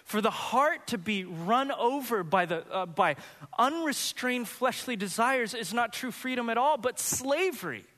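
A man preaching a sermon as pastor, earnest and building to animated, high-pitched emphasis. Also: measured pace, long reverb tail.

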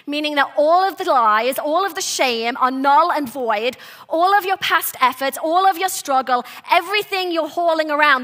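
Woman pastor, sermon; high, bright voice, earnest and tender, lively asides. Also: normal speed. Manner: earnest, soft-spoken with animated bursts and restarts.

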